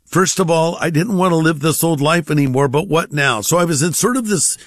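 A man's voice: fairly high pitch, fairly quick, no room sound, studio quality. A man giving a conversational personal testimony, acting out the voices of the people in his stories.

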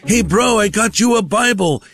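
A man voicing an overfriendly young male Christian student who calls out loudly and cheerfully. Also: high voice, animated, normal speed, faint music behind, pitched above the performer's own voice. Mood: eager. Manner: shouting cheerfully.

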